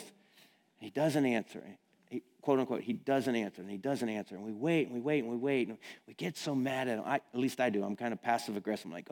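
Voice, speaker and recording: A man delivers a sermon in a relaxed, conversational tone, speaking plainly and checking in with his listeners through quick questions. His mid-range voice carries a noticeable gravelly fry. He talks like a pastor chatting with his congregation rather than reading from a text. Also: medium pitch. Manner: casual and direct, plain-spoken with rhetorical questions.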